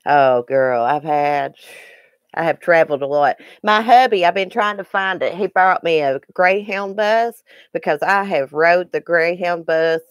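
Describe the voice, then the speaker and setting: A woman's voice: fairly low pitch, unhurried, clean tone, no room sound, clean studio sound. A middle-aged woman from Southwest Virginia with a Southern Appalachian accent, chatting folksily with her live viewers and calling them by name. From Southwest Virginia, grew up partly in Eastern Kentucky. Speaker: livestream host. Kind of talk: casual chat with live viewers.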